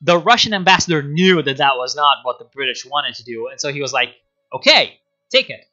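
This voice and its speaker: Very bright, profane rambling streamer man. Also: fairly high pitch, fast, muffled recording, soft background music. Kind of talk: casual livestream history commentary.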